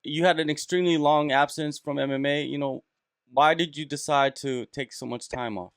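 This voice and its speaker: Smooth-voiced male interviewer. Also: a little high, fairly even intonation, normal speed, no room sound, studio quality. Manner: friendly, leans on "you know". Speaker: interviewer, host. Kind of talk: interview questions.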